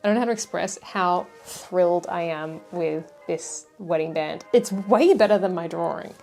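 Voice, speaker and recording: A woman's voice: on the low side, normal speed, gravelly, darkish tone, faint music behind. An Australian woman chatting casually to camera in a vlog from her home jewellery studio, rambling and self-deprecating. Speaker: jewellery maker and vlogger.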